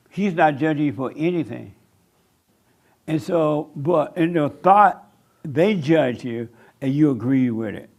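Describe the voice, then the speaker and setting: Man with a fairly high voice, preaching emphatically to an audience, repeats lines for effect and teases the crowd. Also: animated, a little slow. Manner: emphatic, repeats phrases, rhetorical questions; teasing asides to the audience.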